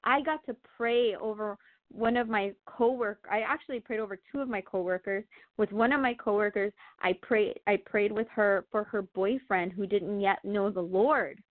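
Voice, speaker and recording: A woman's voice: mid-range voice, normal speed, dry recording. Chatty woman on a tinny line. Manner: animated, laughing, lots of fillers. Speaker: guest sharing testimony. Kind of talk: casual testimony chat. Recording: tinny phone-like line, dry.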